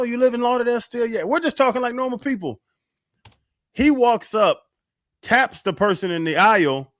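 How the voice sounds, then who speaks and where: Male radio co-host, a bit high, dry studio sound, animated storyteller. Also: no echo. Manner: animated storyteller, acts out quotes. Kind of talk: casual storytelling on sports radio.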